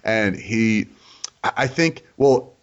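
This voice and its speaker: A man's voice: on the low side, slow pace. A man hosting a casual interview, joking, teasing and crude. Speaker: podcast host. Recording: dull lo-fi sound.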